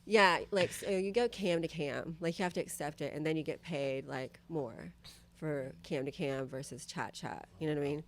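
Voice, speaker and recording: Low-voiced chatty woman telling candid stories. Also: normal speed, a little hiss or hum. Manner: chatty, full of "like" and "you know what I mean"; animated, voices other people in quotes. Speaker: podcast guest. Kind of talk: casual chat, candid storytelling.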